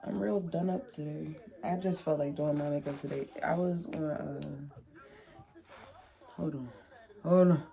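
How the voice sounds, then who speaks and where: A woman's voice: sits low, steady tone, measured pace, vocal fry, warm tone. A young woman talking to the camera from her room in a heartfelt, chatty vlog, repeating herself as she speaks. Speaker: vlogger. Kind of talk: emotional casual vlog to camera.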